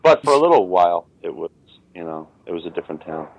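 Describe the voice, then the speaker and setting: A man's voice: low-pitched, very animated, fast talker, a little mellow, no room sound, lo-fi sound. A man reflecting in a casual podcast chat, telling a story.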